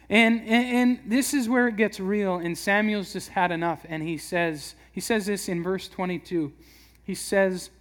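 A man with a high voice preaches in a relaxed, chatty way. He slips into quick little voices to act out everyday scenes. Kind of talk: casual sermon.

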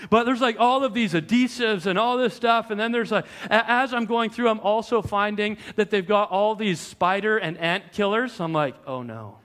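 A young adult man, a pastor, preaching a sermon in a conversational, animated storytelling way with frequent restarts. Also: sits high, normal speed, few pauses.

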